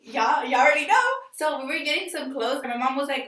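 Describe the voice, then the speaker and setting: A young adult woman with a high, bright voice tells a rambling, slangy storytime, full of fillers and excited asides. She sits a little back from the microphone in an echoey room. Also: quick pace, hardly any pauses. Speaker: vlogger. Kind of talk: casual storytime vlog. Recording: echoey room, distant mic.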